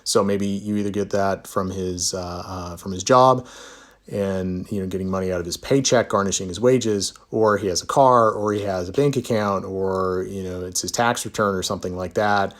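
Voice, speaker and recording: A man's voice: low voice, steady tone, normal speed. A man, a divorce attorney, chatting casually in a live Q&A, reading viewer comments aloud and answering with easygoing, self-deprecating humor. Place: Utah.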